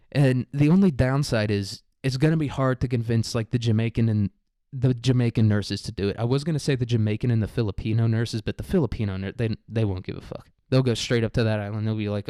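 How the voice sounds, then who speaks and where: A man's voice: mid-range voice, fairly even intonation, fairly quick, warm tone, no echo, clean studio sound. A man hosting a podcast, rambling through a crude, irreverent comedy monologue full of "like" fillers. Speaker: podcast host.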